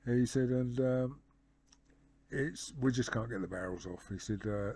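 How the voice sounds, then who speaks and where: A man's voice: medium pitch, unhurried, dark tone. A man vlogging about his motorcycle, casually retelling a phone conversation with lots of "he said" and "I said". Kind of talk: casual storytelling to camera.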